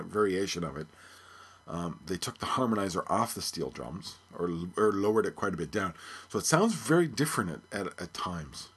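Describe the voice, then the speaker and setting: Podcast host, male, husky and a touch low, musing casually on the music. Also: fairly bright tone. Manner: musing, thinking aloud.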